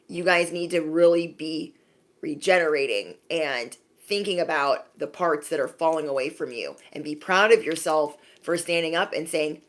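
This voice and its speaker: A woman's voice: low-pitched, normal speed. Sassy woman giving a pep talk. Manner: sassy, animated, acts out little scenes. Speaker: intuitive reader. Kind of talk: casual spiritual pep talk to viewers.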